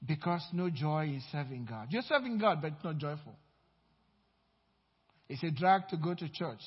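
A male pastor preaching a sermon, emphatic, swinging between loud declarations and low asides, in a dull, reverberant church hall recording. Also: animated, normal speed, husky. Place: church sanctuary.

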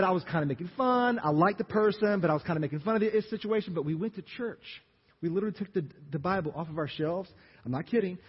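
A man with a Louisiana accent preaches a lively sermon, firing questions out to his congregation. His voice sits high and has a husky edge. The audio is dull and carries a long reverb from a large sanctuary. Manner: animated, asks the congregation questions. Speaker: pastor. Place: church sanctuary.

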